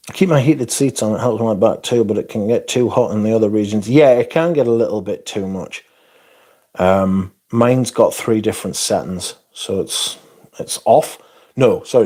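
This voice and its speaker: Man, livestream host, low-ish voice, husky, rambling, profane, joking, casual chat. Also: mellow. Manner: rambling, crude, profane and jokey, with frequent restarts. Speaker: livestream host reviewing fragrances. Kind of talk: casual livestream chat, reading out viewer comments.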